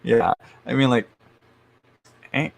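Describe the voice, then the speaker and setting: A man's voice: medium pitch, steady tone, slow, gravelly. A man doing a casual live-stream tarot reading, chatty and frank, laughing often and sometimes dropping to a murmur. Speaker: tarot reader.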